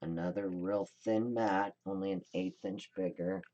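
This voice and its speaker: A woman's voice: rumbling low, fairly even intonation, a little slow, mellow, lo-fi sound. A woman hosting a card-making tutorial, chatting casually and thinking aloud as she works. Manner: chatty, rambling, thinks aloud while working. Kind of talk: casual crafting demonstration.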